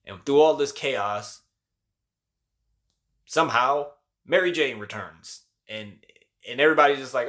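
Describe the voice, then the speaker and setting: A man's voice: mid-range voice, unhurried, pauses often, a bit bright. A man giving a casual spoken review of a TV show, loose and chatty with lots of slang and fillers.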